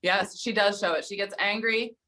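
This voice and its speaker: A woman's voice: medium pitch, steady tone, moderate pace, sharp tone, a little hiss or hum, low-quality recording. A woman guest on a talk show, speaking in a thoughtful, reflective and affirming way. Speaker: guest intuitive reader. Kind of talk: casual chat.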